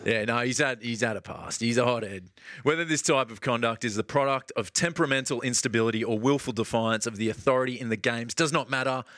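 A man's voice: medium pitch, fast talker, fairly bright tone, no echo, studio quality. A man telling sports stories on a casual podcast, rambling with fillers and laughing easily. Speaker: podcast co-host.

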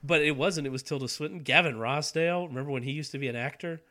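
A man with a bright, lively voice pitched a little high, co-hosting a podcast. He talks casually and riffs with jokey, sarcastic asides. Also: fast talker. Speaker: podcast co-host. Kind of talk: casual chat.

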